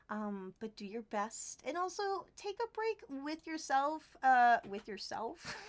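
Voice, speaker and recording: A woman's voice: high voice, a bit bright. A young woman streaming as she crafts, chatting to her viewers in a gushing, giggly way. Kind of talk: casual crafting livestream chat.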